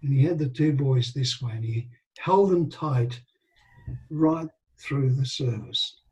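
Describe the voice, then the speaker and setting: An older man, telling animated anecdotes with quoted dialogue as an interview guest. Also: medium pitch, slow, low-quality recording. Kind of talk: storytelling in a casual interview.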